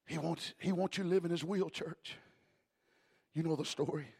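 A man preaching a sermon. His voice sits high and has a gravelly edge. He drops to a low, quiet tone to tell stories and then rises to shouted exhortation. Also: steady tone, moderate pace. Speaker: pastor.

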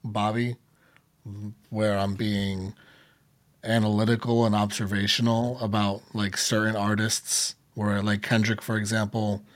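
Man, low monotone voice, reflective, dry sound. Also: a little slow, no room sound. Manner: reflective, thinking aloud. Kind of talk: casual chat.

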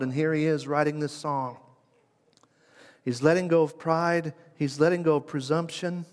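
A man preaches a sermon in a somewhat high voice, stressing his points through repetition and deliberate pauses. His voice rings out with a long reverb, as in a large church hall. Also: fairly even intonation. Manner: emphatic, builds through repeated phrases with deliberate pauses.

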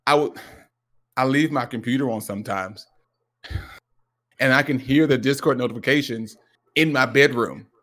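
A man co-hosting a podcast, telling a story in casual chat, restarting often and acting out what people said with sudden jumps in pitch. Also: normal speed, pauses often. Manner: animated storyteller, acts out quoted lines with jumps in pitch; frequent restarts and repeated words. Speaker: podcast co-host.

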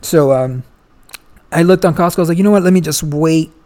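A man's voice: a little high, brisk, darkish tone. A young man, a guest, chatting casually and telling a long story, swearing freely and full of slang. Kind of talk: casual chat.

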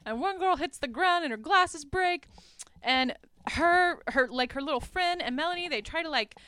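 A woman's voice: high voice, animated, moderate pace, bright, forceful tone, dry recording, clean studio sound. A young woman hosting a podcast, casually retelling a film's plot in a chatty way, full of "like" and amused asides. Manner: chatty, lots of "like", laughs at her own asides. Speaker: podcast host. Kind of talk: casual movie recap.

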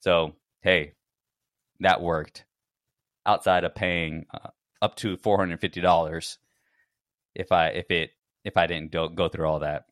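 Low-voiced man telling a story. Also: measured pace, pauses often, no room sound, clean studio sound. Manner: animated storyteller, acts out his own reactions in quotes. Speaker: podcast co-host. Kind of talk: casual storytelling chat.

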